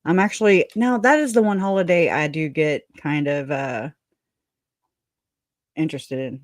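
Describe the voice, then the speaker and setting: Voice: medium pitch, normal speed, no room sound. Chatty live-stream host, dry sound. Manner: chatty, laughing, talks to viewers as y'all. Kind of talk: casual live stream chat.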